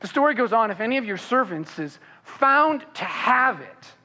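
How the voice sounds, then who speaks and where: A pastor preaching a sermon, reading scripture aloud and then explaining it, with frequent fillers and restarts. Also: male voice, normal speed, in a large hall. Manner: animated, voicing the characters' protests with rising pitch.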